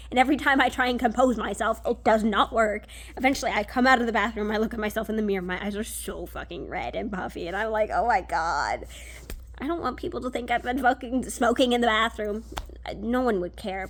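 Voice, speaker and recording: A young woman telling a personal story in a casual, animated way, full of fillers, restarts and swearing. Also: fairly high pitch. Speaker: vlogger.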